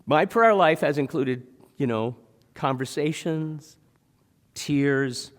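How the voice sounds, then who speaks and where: With a mid-range voice, a pastor preaches in a church sanctuary that sounds like a large hall. He talks to the congregation casually, posing rhetorical questions as he goes.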